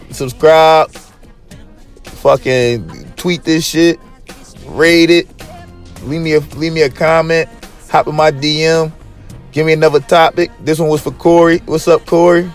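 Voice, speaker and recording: A man hosting his own podcast alone, talking to listeners in a loose, profane, hyped and rambling way. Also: medium pitch. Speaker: podcast host. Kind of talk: casual solo podcast monologue.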